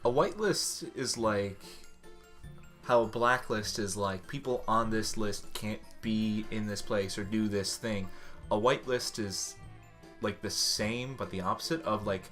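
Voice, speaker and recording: Man, podcast co-host, bright voice, crude joker, casual banter. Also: on the low side, faint music behind. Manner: joking, crude, quick banter.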